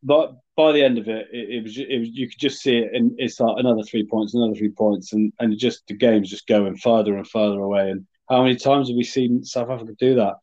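A man co-hosts a casual sports chat, rambling and halting as he restarts his thoughts. His pitch is middling and unremarkable. The recording sounds dull and lo-fi. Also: fairly even intonation, dark tone. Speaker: podcast co-host.

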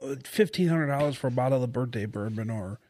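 A man's voice: mid-range voice, fast talker, a little mellow, no echo. A man hosting a casual podcast chat among friends, talking emphatically and swearing freely. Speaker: podcast host.

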